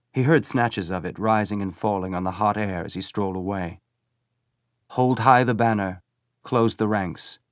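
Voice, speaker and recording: A man reading a novel aloud as an audiobook narrator, measured and steady. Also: fairly low pitch, no room sound, studio quality. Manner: measured storytelling. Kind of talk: scripted narration.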